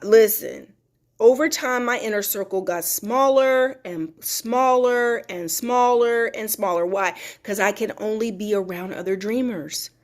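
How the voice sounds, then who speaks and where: A woman's voice: mid-range voice, a little slow. A woman giving an emphatic, preachy motivational talk to her viewers, repeating her phrases for effect. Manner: reads viewer comments aloud. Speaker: motivational host.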